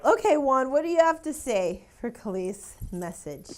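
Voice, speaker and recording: A woman's voice: high-pitched, sing-song, normal speed, a little hiss or hum. A young woman working as a psychic medium, relaying messages emotionally, laughing and close to tears. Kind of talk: live TV psychic reading.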